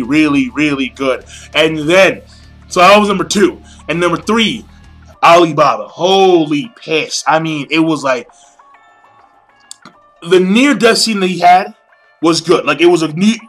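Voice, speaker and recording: A man giving a casual anime episode review, excitable and profane, rambling with lots of fillers and repeated words. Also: a little high.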